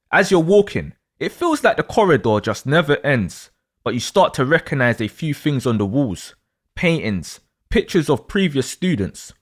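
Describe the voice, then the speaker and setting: A man narrating a second-person story with real drama in his delivery. His voice sits high for a man and leaps around in pitch. He is animated, pulling the listener along. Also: breathy edge. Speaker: astrology storyteller.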